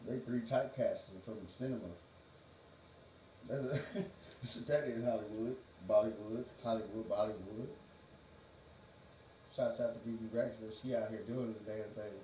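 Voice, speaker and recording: A livestream host with a lowish, warm voice and fairly even intonation speaks at normal speed, pausing often. He rambles through a profane, free-associating monologue, laughing a lot, recorded in a roomy space far from the mic with faint background noise.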